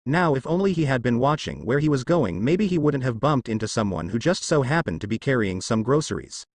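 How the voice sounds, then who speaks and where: Lively male fanfic narrator. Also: medium pitch, fairly quick, dry recording. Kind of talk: reading fanfiction aloud.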